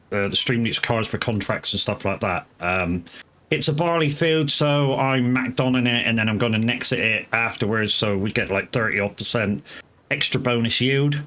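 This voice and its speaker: A man's voice: medium pitch, fairly bright tone. A man chatting casually while streaming a farming game, greeting viewers and swearing freely as he rambles between tasks. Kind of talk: casual live gameplay commentary.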